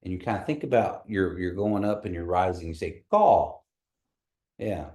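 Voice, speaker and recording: Over a video call, a man teaches an online language class, patiently and slowly repeating words for his learners. His voice sits low and is a little mellow.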